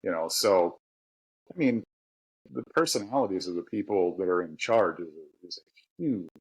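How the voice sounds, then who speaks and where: A middle-aged man from Pittsburgh, with the local accent, appears as a guest author and tradesman in a casual podcast conversation, talking candidly and laughing often. His low voice is expressive at normal speed. The recording quality is low.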